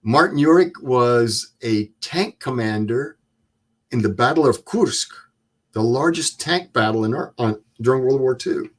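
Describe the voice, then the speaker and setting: Older man, 70s, interview guest, plain-spoken, measured storytelling. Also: mid-range voice, lively intonation.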